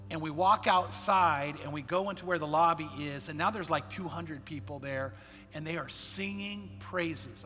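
A man, a pastor, telling a personal story in a sermon, earnest and dropping quiet in the sad parts. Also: a little high, in a large hall. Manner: earnest storyteller, quotes others in his own voice, drops quiet in sad parts.

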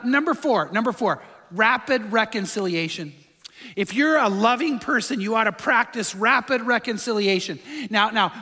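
A man's voice: sits high, sharp tone, long reverb tail. A man preaching a sermon in a conversational, emphatic way, asking his listeners rhetorical questions. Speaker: pastor.

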